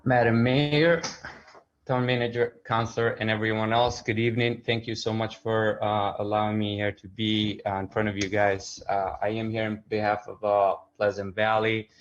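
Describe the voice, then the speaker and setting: Guy at a town meeting mic, lots of uhs, low flat voice, dull audio. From Connecticut. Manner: halting, many filler uhs. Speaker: local business owner speaking at public comment. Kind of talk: public comment at a town meeting.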